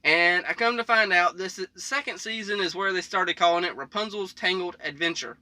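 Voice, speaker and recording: A man's voice: high-pitched, brisk, bright, forceful tone, no room sound. A man hosting a reaction video from the back of his parked semi truck, chatting casually and rambling with frequent chuckles.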